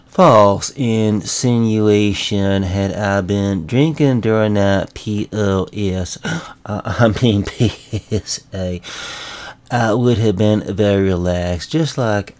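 A man putting on a boozy, blustering small-town sheriff from the American South for a comedy radio bit. The voice is low, with a pompous, slurry drawl that takes its time over every word, and a thick Southern accent. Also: slow, a little mellow.

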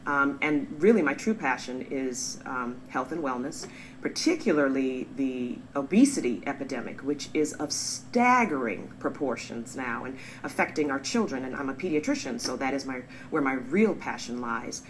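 A woman's voice: very deep voice, moderate pace, a little hiss or hum, rough recording. A woman in her forties talking straight to the camera, answering critics. She speaks earnestly and defensively, stressing key words. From born in England, raised in the US. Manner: earnest, defensive, animated emphasis. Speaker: vlogger, pediatrician. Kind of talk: direct-to-camera response video.

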